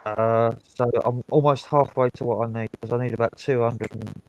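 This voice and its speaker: A man's voice: medium pitch, steady tone, moderate pace, darkish tone, lo-fi sound. A British man chatting as a guest on a live stream over a video call, pressing with repeated questions. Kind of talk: casual live stream chat.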